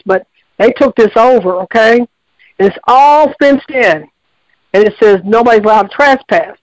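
A woman's voice: mid-range voice, no echo, highs cut off. Rambling woman on a call-in line. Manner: rambling, colloquial, with many restarts. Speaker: caller. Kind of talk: call-in storytelling.

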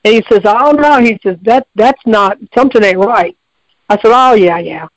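Speaking at a moderate pace in a high voice, a radio show caller spins a long, folksy yarn full of repetition and frequent restarts. The sound is lo-fi, with no room sound.

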